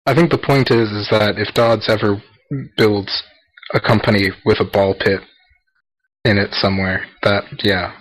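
A Canadian-accented man on a casual podcast, speaking in a somewhat low voice. He talks bluntly and jokingly and swears without a second thought. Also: steady tone, normal speed, rough recording. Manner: blunt, swears freely, jokey. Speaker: podcast co-host.

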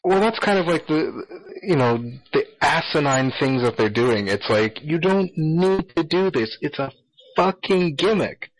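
A man's voice: fairly high pitch, lively intonation, a little slow, dry recording, poor audio. A man in casual gaming podcast chat, exasperated and swearing freely as he rants. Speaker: podcast co-host.

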